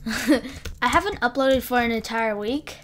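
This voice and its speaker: A woman's voice: fairly high pitch, takes it slowly, a bit bright. Flustered young woman gaming commentary. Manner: rambling, flustered, breaks off mid-sentence often. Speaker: gaming YouTuber. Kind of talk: live gameplay commentary.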